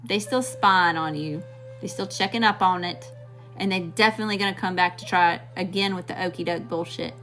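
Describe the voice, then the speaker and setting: A woman's voice: fairly low pitch, brisk, fairly bright tone, soft background music. A woman from Mississippi with a Southern accent, giving a blunt, slangy live tarot reading straight to her viewers. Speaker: tarot reader.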